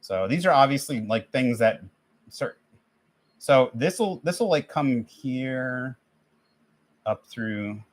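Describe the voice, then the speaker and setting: A man's voice: medium pitch, expressive, slow pace, pauses often. A man hosting a livestream, chatting casually while he draws and rambling with many restarts. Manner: complains, then gives step-by-step drawing tips. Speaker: livestream host. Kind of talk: casual chat while drawing.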